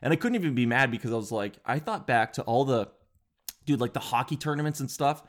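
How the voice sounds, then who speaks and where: A man with a mid-range voice tells a comic story as a show host. He rambles in a casual, animated way, often restarting his sentences and filling gaps with small words. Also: medium pitch, fast talker. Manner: rambling, animated, with filler words and self-interruptions.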